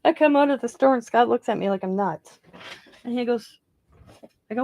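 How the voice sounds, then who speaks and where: A woman's voice: fairly high pitch, animated, fairly quick, pauses often, slight background noise. Chatty woman telling a story while crafting. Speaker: craft channel host. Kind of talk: casual craft vlog chat.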